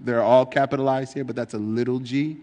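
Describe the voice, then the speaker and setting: A man's voice: medium pitch, fairly even intonation, brisk, mellow, long reverb tail. A man preaching in a casual, conversational way, reading scripture and explaining it with frequent fillers.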